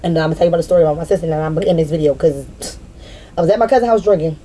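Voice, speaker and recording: This spiritual vlogger, a woman in her thirties, talks straight to camera in an unscripted vent, profane and blunt, going back over her words for emphasis. She speaks very fast in a low, warm voice, with a little hiss or hum in the background.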